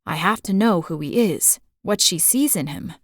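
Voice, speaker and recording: A woman's voice: lowish voice, lively intonation, moderate pace, no echo, clean studio sound. A woman voicing a tense male billionaire CEO in an audiobook, speaking in curt, terse words.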